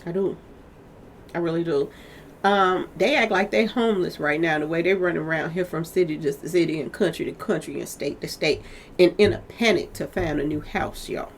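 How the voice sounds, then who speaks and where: Gravelly-voiced woman gossiping to viewers. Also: fairly low pitch, normal speed, slight background noise. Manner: chatty, animated, keeps addressing viewers as "y'all". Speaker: commentary channel host. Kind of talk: casual celebrity gossip commentary.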